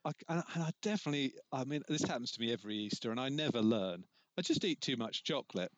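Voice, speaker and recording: A man, chatting casually and telling animated stories as a podcast co-host. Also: mid-range voice, fast, dry recording, lo-fi sound. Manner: animated storyteller, laughs often. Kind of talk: casual chat.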